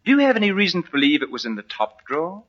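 A man's voice: fairly high pitch, sing-song, very fast, pitched below the performer's own voice. A man playing a pompous, bumbling British police inspector in a 1940s radio comedy sketch, on a muffled old broadcast recording. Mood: smug. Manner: bumbling, self-satisfied, theatrical.

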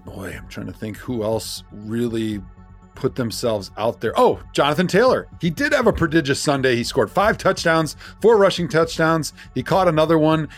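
A man co-hosting a sports podcast, chatting casually and laughing often while he runs a vocabulary quiz. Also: mid-range voice. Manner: playful, laughs often, reads quiz questions. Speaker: podcast co-host. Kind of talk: casual chat.

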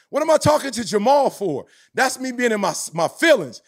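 Brief: man in his 40s, high-pitched motivational speaker, podcast talk with a preaching, emphatic cadence. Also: big pitch swings, a little fast, vocal fry.

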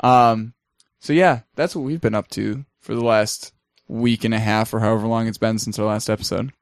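A man co-hosting a casual podcast, rambling and halting with fillers. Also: on the low side, steady tone, clean tone, dry recording. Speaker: podcast co-host.

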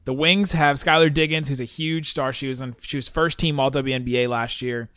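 A man's voice: medium pitch, steady tone, fairly quick, a bit bright, clean tone, no echo. A man co-hosting a sports podcast, chatting casually with rambling asides and frequent laughs. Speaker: podcast co-host.

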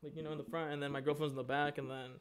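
Joking young man, slightly higher voice. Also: level tone, very fast, fairly bright tone. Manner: joking, teasing interjections. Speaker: podcast co-host. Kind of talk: casual banter.

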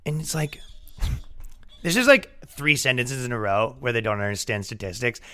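A man's voice: medium pitch, expressive, moderate pace, sharp tone, smooth. A man hosting a podcast, ranting in casual chat with profane jokes and laughing asides. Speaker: podcast host.

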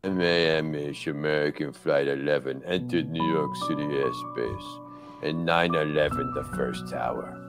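Super deep gravelly movie narrator guy, a man putting it on, slow and heavy, loud music under it. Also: steady tone. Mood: mock-solemn. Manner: slow, grave, portentous delivery. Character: deep-voiced dramatic film narrator, man. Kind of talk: mock-solemn documentary narration.

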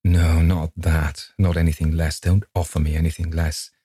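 A man's voice: a bass voice, little pitch movement, moderate pace, warm tone, husky, no room sound, studio quality. A man reading a distraught young woman in an audiobook, pleading and breaking between laughter and sobs. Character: distraught young woman, sobbing, wounded pride.

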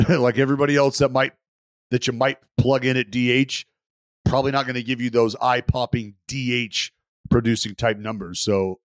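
A man's voice: medium pitch, level tone, no room sound. Rowdy, swearing podcast co-host man. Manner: rowdy, swears, quick banter. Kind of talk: casual sports chat.

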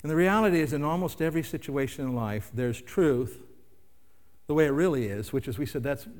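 A man's voice: a little high, brisk, a little mellow. An older man preaching a sermon in a conversational way, asking the listeners rhetorical questions. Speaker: pastor. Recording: long hall reverb.

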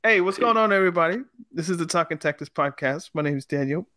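A man hosting a casual football podcast, talking in a lively, jokey way. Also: on the high side, quick pace, dry recording. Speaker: podcast host.

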